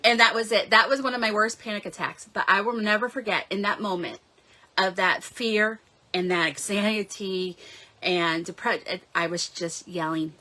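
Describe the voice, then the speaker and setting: Bright-voiced woman hosting a live devotional. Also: medium pitch, a little slow. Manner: earnest, heartfelt storytelling. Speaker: devotional host. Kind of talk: live-stream devotional talk.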